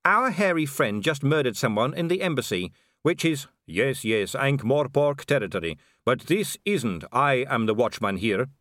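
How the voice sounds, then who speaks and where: A man's voice: medium pitch, sing-song, normal speed, a bit bright, no room sound, clean studio sound. A man voicing a stiff, proper male city watch captain in an audiobook, formal in manner.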